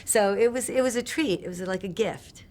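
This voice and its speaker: A woman's voice: mid-range voice, normal speed, a little mellow. A woman film director in a casual press interview, speaking thoughtfully and fondly of her collaborators.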